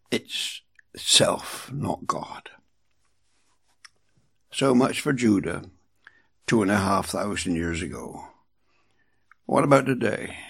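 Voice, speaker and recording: Male preacher, slow and husky, emphatic delivery with lively pitch. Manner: slow, emphatic preaching with dramatic drops in volume. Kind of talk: sermon.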